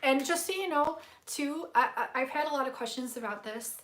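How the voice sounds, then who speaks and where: A woman giving a live spiritual tarot reading to her viewers, soft-spoken and gushing, with many fillers and easily moved to emotion. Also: high-pitched, a little fast. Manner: emotional, tearful at moments. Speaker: tarot reader hosting a livestream.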